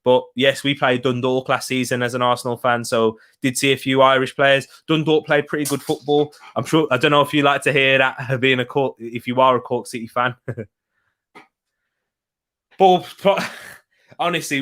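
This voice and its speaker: A man's voice: medium pitch, steady tone, moderate pace, fairly bright tone, smooth. A young man hosting a live football watch-along, chatting casually, laughing often and reading out viewer comments.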